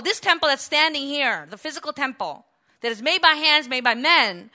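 A woman delivers a sermon in a bright, ringing voice that sits a little high. She is emphatic, climbing to loud, passionate peaks before dropping back into quieter explanation. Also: lively intonation, moderate pace. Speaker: preacher.

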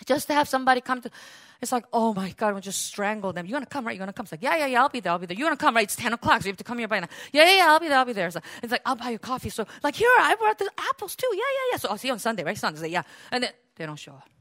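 A woman pastor giving a sermon, lively and conversational, acting out little quoted exchanges and laughing as she goes. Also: on the high side, racing, no echo, clean studio sound. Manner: animated, acts out quoted voices, laughs often.

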